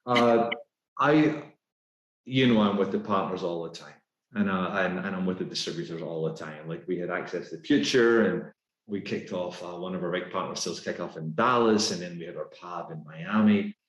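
A man with a Scottish accent, a guest talking in a casual podcast interview, brisk and upbeat with lots of fillers. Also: low-pitched. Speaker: guest executive. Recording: roomy echo.

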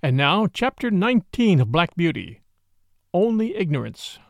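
A man narrates a classic novel in a measured storytelling style. His voice sits high with lively pitch movement and a gravelly texture, recorded dry and close. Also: dry recording. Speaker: podcast reader. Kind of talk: scripted audiobook narration.

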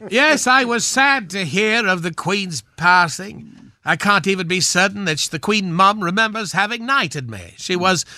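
A man playing a pompous, knighted swashbuckling film star of a certain age, speaking in a grand, drawn-out theatrical manner on a radio comedy bit. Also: high-pitched, lively intonation, sharp tone, dry recording, full character voice. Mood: droll grandiose.

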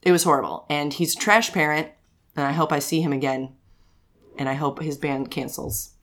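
A woman in her thirties with a fairly low voice, co-hosting a casual chat. She tells stories in an animated way, swears freely and acts out other people's lines. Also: normal speed. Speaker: podcast co-host.

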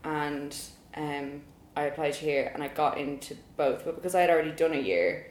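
A woman's voice: sits low, normal speed. A woman in her twenties with an Irish accent, chatting as an interview guest, laughing often and saying "like" a lot. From Ireland. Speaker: guest illustrator. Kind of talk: casual interview chat. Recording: roomy with faint noise.

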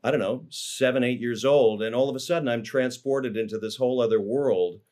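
A man's voice: mid-range voice, fairly quick, darkish tone. A man, an actor, telling stories about his life in a casual interview, rambling with fillers and restarts. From Los Angeles, USA.

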